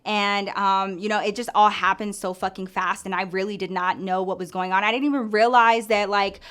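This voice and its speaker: A woman's voice: mid-range voice, steady tone, normal speed, fairly bright tone, clean tone. Young woman doing a storytime, swears a lot, says like constantly, normal mid voice. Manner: chatty and profane, heavy use of "like". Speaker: storyteller vlogger. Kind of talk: casual storytime.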